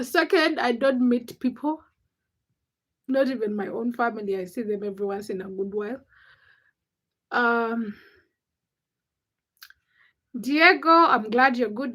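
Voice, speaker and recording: Ugandan woman, young adult, high voice, live-chat host greeting viewers, playful and self-mocking. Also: fairly bright tone. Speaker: livestream host. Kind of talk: casual livestream chat.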